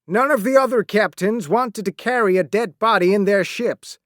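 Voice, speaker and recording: A man narrating a classic story as an audiobook, reading in a slow, simple, clear way. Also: sits high, fairly bright tone, no room sound, studio quality.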